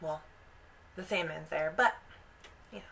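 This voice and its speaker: A woman's voice: low-pitched, measured pace, vocal fry, a bit bright, rough recording. A young woman hosting a casual vlog, animatedly retelling a story and slipping into the characters' voices. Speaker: video host.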